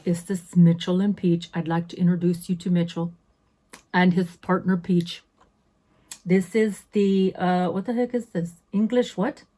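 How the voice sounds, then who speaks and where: A woman's voice: lowish voice, steady tone, measured pace, mellow. A woman in her fifties chatting casually as a beauty vlogger through an unboxing, sassy and full of self-interrupting asides. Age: 50s.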